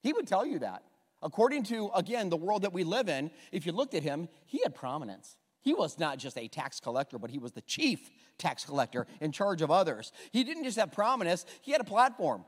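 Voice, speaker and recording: A man's voice: high-pitched, a little fast. A man preaching a humorous sermon as pastor, joking and getting the congregation to repeat lines back. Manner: animated, jokey, asks the congregation to repeat lines. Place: church sanctuary. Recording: long hall reverb.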